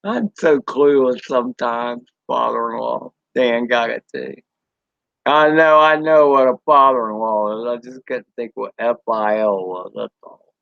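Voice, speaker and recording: A man with a Southern US accent talks with his live-stream viewers, slow and unhurried, rambling in a folksy way. His voice is dry and close, with a slightly dull, lo-fi sound. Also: mid-range voice, vocal fry, fairly bright tone, dry recording. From Southern United States. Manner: rambling, folksy, drawn-out fillers, mild swearing. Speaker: drone channel host reading live chat. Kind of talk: casual live-stream chat.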